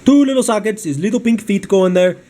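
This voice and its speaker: A man's voice: high-pitched, quick pace, mellow, slight background noise, voice pushed up, lightly acted. A man putting on a silly accented pink toy creature. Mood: cooing.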